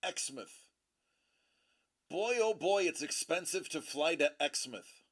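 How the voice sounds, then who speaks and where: A man's voice: a little high, lively intonation, slow pace. A middle-aged man hosting a casual collectibles show, rambling and joking as he tells stories with many restarts. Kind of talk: casual chat.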